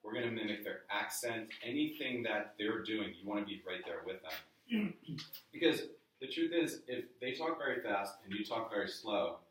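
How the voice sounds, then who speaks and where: A man with a lowish voice coaches a live audience in casual, conversational style and keeps asking the room questions. He is recorded from across a very echoey meeting room, so his voice sounds distant and roomy, with a faint hiss underneath. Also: expressive, normal speed, fairly bright tone. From New York area. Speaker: workshop presenter. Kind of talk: live sales training talk.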